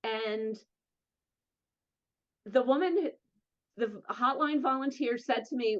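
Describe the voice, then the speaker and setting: The audio is dull, carrying a slightly high female voice with a New Jersey accent. She's an advocate being interviewed, relating her story with candor and emphasis, earnest in tone and talking in fast spurts.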